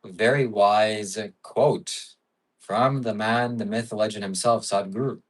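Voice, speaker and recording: A man's voice: lowish voice, steady tone, measured pace, husky, distant mic, low-quality recording. A man hosting a livestream in casual chat, musing and rambling with frequent fillers. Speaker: livestream host.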